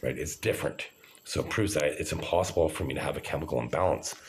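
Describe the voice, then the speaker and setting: A man's voice: extremely low pitch, fast, slight background noise. A man in his forties talking to camera in an agitated, rambling, profane monologue. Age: 40s.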